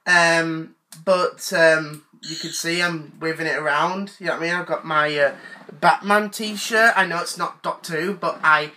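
A man's voice: on the high side, steady tone, measured pace, sharp tone. A man playing an obsessive, whiny adult male sci-fi fanboy who stammers through fillers in a comedy sketch. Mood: nervous. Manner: indignant, whiny. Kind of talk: comedic rant to camera.

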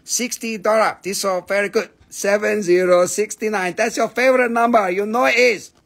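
A man's voice: high voice, steady tone, normal speed, vocal fry, fairly bright tone. A man hosting a live rock sale stream, joking and swearing freely in non-native, broken English. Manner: joking, profane, playful. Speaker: host and rock seller.

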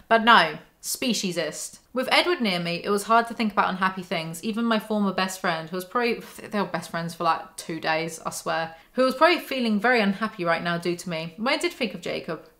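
A woman's voice: medium pitch, fairly bright tone. A woman with a mid-range voice reads aloud from a novel, then cuts in with dry, sarcastic asides. Her commentary is mocking and conversational, like a YouTuber tearing apart a book.

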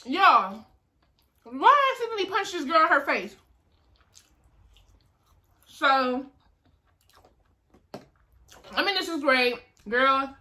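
Young woman, high bright voice, casual storytime vlog, animated delivery. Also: takes it slowly, pauses often. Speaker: vlogger.

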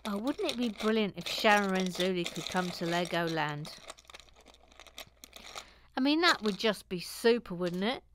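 A woman's voice: mid-range voice, expressive, measured pace, pauses often, background noise. A woman hosting a casual Lego-building livestream, rambling playfully and breaking into silly sung jingles. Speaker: host.

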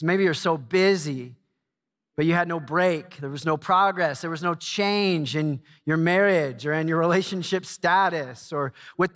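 A man in his forties preaching a sermon in a church, telling a self-mocking story with lively energy. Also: on the high side. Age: 40s. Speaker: pastor. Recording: long hall reverb.

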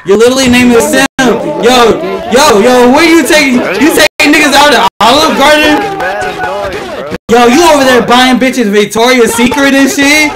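A man's voice: extremely high pitch, moderate pace, over a noisy crowd. A young man hosting a gaming video, giving live gameplay commentary full of brash, profane, mocking trash talk.

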